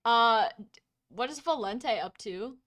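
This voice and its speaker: Woman game master, bright tone, casual filler-heavy narration. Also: a little high, lively intonation, a little slow. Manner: chatty, laughs easily, filler-heavy.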